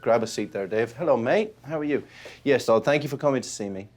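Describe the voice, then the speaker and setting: A man working as a veterinary surgeon, briskly explaining a dog's symptoms to its owners in a clinic. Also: mid-range voice, expressive, darkish tone, faint music behind. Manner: brisk, explaining and pointing out signs. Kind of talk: consultation with pet owners. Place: vet clinic consulting room.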